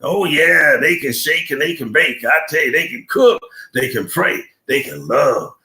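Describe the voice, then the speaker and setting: An older man hosting a live stream, chatting in slang, telling a comic story and giving shout-outs to his viewers. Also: a little high, big pitch swings, a little slow, echoey room. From Buffalo, New York.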